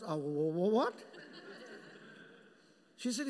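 A male pastor preaching a sermon, animated and joking with the congregation by name. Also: high voice, a little slow, pauses often, long reverb tail. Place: church hall.

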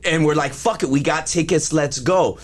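A man's voice: fairly high pitch, moderate pace. A man telling a wild personal story in casual, profane talk, often laughing. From Los Angeles area. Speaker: guest performer.

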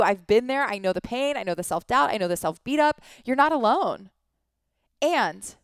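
A woman's voice: on the high side, smooth, no echo. Earnest woman asking rhetorical questions. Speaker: life coach. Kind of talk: motivational monologue.

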